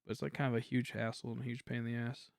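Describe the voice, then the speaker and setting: A young man chatting casually on a game stream, quiet and rambling, humming between thoughts. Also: mid-range voice, level tone, very fast, gravelly, dry recording, studio quality. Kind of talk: casual livestream chat while gaming.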